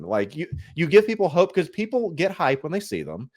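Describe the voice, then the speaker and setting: Podcast guest: a man on an animated rant, swinging his pitch all over as he mimics others in a whiny voice. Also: moderate pace, hardly any pauses. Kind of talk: casual podcast chat.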